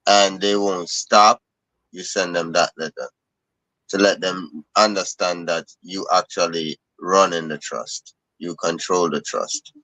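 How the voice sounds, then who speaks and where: Male guest explainer, low voice, very slow and deliberate, dry close sound. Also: sharp tone, dry recording, rough recording. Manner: slow, deliberate, repeats words at starts. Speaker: invited guest speaker. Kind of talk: explanatory talk.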